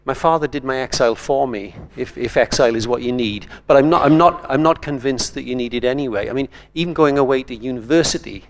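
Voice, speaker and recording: A man's voice: medium pitch, fast talker, hardly any pauses, slight background noise. An older man from Wales, a writer speaking on a conference panel in a thoughtful, digressive way.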